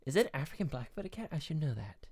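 Woman with a really deep voice, casual chat, stalls and thinks out loud, dry mic. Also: big pitch swings, quick pace, breathy edge, dry recording. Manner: hesitant, thinking aloud. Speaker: podcast co-host. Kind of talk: casual chat, word game.

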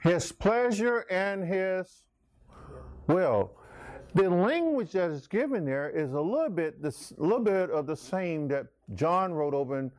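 A man's voice: high-pitched, lively intonation, measured pace, a little mellow, dry recording. A man preaching a sermon, emphatic, calling out listeners by name. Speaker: pastor.

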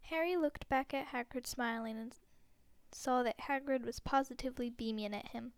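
A woman narrating an audiobook with steady, expressive storytelling. Her voice sits a bit high and is smooth and clear, recorded close and dry with no room sound. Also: normal speed, dry recording. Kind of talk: scripted narration.

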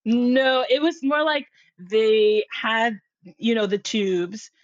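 A young woman from Connecticut, appearing as a podcast guest, tells a funny childhood story in a casual, chatty way, laughing often and acting out her younger self's lines. Her voice is fairly high and slow-paced. The recording is muffled, with no room sound.

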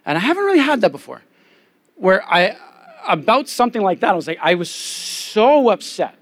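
A man's voice: high voice, big pitch swings, normal speed. A young adult man, a pastor, preaching a conversational sermon and telling candid personal stories.

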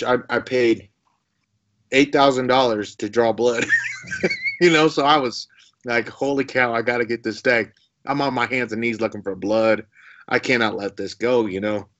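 A man of middle pitch tells a long story as a podcast guest. He rambles, doubles back on his words and chuckles often. The recording sounds dull and lo-fi. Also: fairly bright tone. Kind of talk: casual storytelling.

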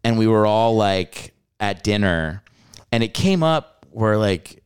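Host, male, smooth resonant voice, rambling chatty storyteller who laughs as he talks. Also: fairly low pitch, takes it slowly. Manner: rambling, laughs mid-sentence, animated storytelling. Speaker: podcast host. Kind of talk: casual podcast chat.

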